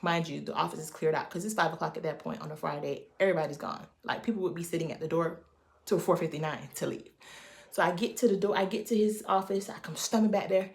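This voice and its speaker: A woman with a low, gravelly voice and a lot of creak tells a personal story straight to her viewers. She is animated and emphatic, leaning hard into every beat of the tale. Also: fast. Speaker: vlogger. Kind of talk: casual storytime.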